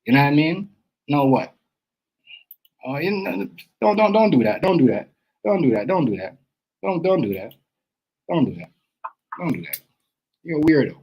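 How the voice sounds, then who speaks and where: A man hosting a casual livestream, talking straight to his chat in a streetwise, animated way that repeats itself a lot. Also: a little high, moderate pace, long pauses, breathy edge, poor audio. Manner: animated, repetitive, streetwise slang, addresses chat directly. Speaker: livestream host.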